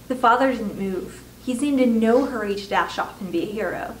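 A woman reading a children's book aloud with expressive storytelling. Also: on the high side, normal speed, hardly any pauses, slight background noise. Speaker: reader. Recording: echoey room, distant mic.

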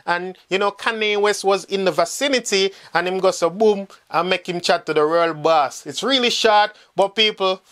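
A man's voice: high voice, moderate pace, few pauses, fairly bright tone. A man with a Jamaican accent hosting an entertainment news vlog, chatting casually and speaking straight to his viewers. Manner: chatty, addresses viewers directly, mixes patois and English. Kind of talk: casual gossip commentary.

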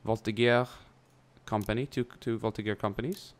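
A young man with a very low voice talks through his turns in a strategy game, chatty and loose. He thinks aloud as he plays, with the odd swear word. He speaks close to a desk mic. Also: steady tone, normal speed. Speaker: gameplay commentator. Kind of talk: casual let's-play commentary.

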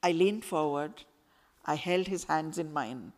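A woman author reads her novel aloud, slowly and expressively, letting each phrase breathe. She is in a school hall, and a long reverb trails after her voice. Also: low voice. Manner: slow, expressive storytelling.

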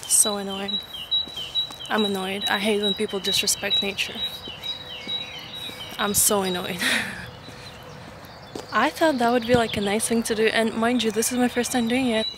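A woman's voice: mid-range voice, level tone, a little slow, long pauses. A woman vlogging casually while walking in a park, chatty and exasperated as she rants. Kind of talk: casual outdoor vlog. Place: outdoors in a park. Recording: outdoor noise. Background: birds and outdoor ambience.

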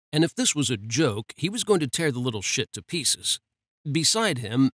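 A man narrating a romance audiobook in a steady, measured reading. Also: medium pitch, no echo, studio quality.

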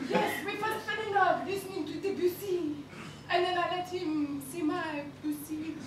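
A woman's voice: very high-pitched, steady tone, moderate pace, very noisy. A woman doing improv comedy on stage, with cheeky, bossy, mock-grand banter. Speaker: improv performer. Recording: echoey live club from far off.

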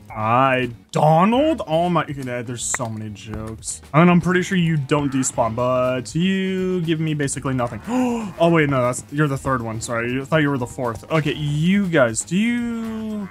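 Young man, gameplay commentary, excitable, jokey, fairly high voice, very lively intonation. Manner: excitable, jokey, lots of exclamations. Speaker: Minecraft YouTuber.

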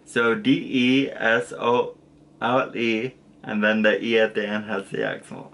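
A young male language tutor teaches a basic lesson casually, rambling and correcting himself with plenty of fillers and apologies. His voice sits fairly low, with vocal fry and a fairly bright tone, animated yet measured in pace.

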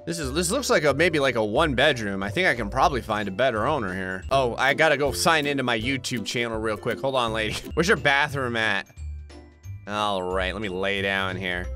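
A man's voice: medium pitch, fairly quick, bright, forceful tone, faint music behind. A man giving comedic, jokey let's play commentary, talking back to game characters. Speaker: gaming YouTuber.

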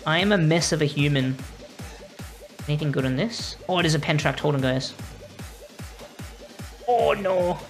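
Over soft background music, a young Australian woman with a low-pitched, fairly quick voice chats casually with viewers while gaming on stream. She rambles and keeps apologizing as she plays.

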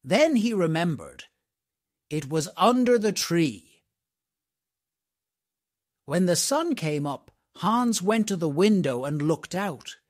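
A man narrating a storybook for English learners, reading slowly, clearly and expressively. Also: high voice, no echo, clean studio sound.

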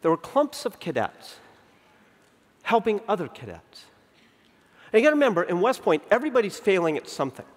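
A man in his fifties giving a conference keynote. He tells stories in an animated way, acts out the dialogue, and slows down to stress key points. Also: high-pitched. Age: 50s. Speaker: keynote speaker. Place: large conference venue. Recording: long reverb of a big hall.

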